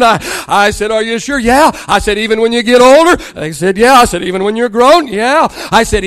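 A man's voice: very high voice, fairly quick, hardly any pauses. An older man, a pastor preaching a sermon and telling family stories with acted-out dialogue. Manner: storytelling, acts out dialogue with rising excitement.

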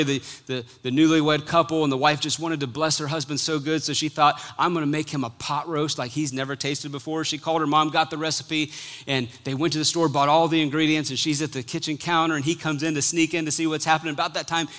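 Bright-voiced animated male pastor preaching. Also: a little high, a little fast. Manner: animated, acts out quotes, sudden quiet drops. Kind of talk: sermon.

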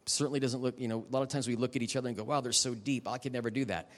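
Man, middle-aged, guest preacher, church service, conversational sermon, candid personal stories, emotional, medium pitch. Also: steady tone. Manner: personal storytelling, emotional and candid, quick asides to the audience. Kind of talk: conversational sermon ending in prayer.

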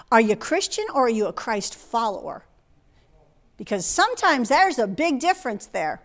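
A woman's voice: fairly high pitch, big pitch swings, normal speed. A middle-aged woman preaching a sermon to a congregation, emphatic and full of rhetorical questions. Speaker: guest preacher.

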